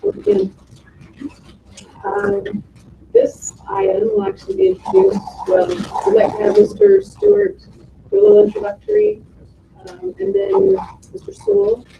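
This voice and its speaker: A woman chairing a council meeting, brisk as she calls the room to order. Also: very high voice, little pitch movement, creaky, reverberant, background noise. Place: council chamber. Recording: distant, dull meeting-room audio.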